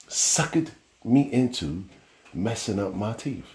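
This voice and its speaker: A man's voice: mid-range voice, lively intonation, measured pace, a little mellow, reverberant. A man hosting a casual solo podcast, telling stories in a loose, rambling way with slang and the odd curse. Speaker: podcast host.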